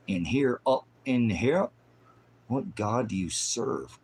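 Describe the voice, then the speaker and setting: A man preaching an improvised, fiery sermon in a mocking, scolding manner, swinging from loud outbursts to low mutters. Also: lively intonation, slow, husky.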